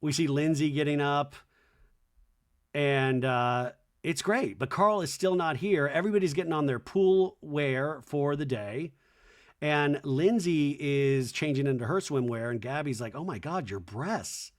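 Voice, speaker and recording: A man hosting a podcast, casually recapping a reality show in a joking tone, often dropping into low mocking voices to quote people. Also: a little slow. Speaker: podcast host.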